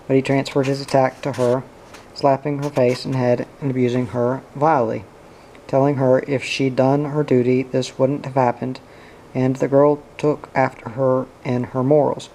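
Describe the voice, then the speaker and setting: Man reading a novel aloud, mellow. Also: mid-range voice, little pitch movement, normal speed, slight background noise, rough recording. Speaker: audiobook reader.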